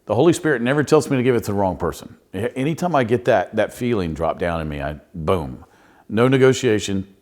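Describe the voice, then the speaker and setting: Brief: pastor in his middle years, low voice, relaxed anecdotal podcast monologue. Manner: folksy, anecdotal storytelling with restarts. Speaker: pastor and consultant.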